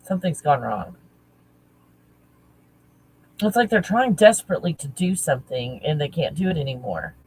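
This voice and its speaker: A woman talking casually as a spiritual teacher, halting and searching, correcting herself often. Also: deep voice, sing-song, a little mellow, slight background noise, low-quality recording. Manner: halting, searching, self-correcting with nervous laughs. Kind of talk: casual channeling talk.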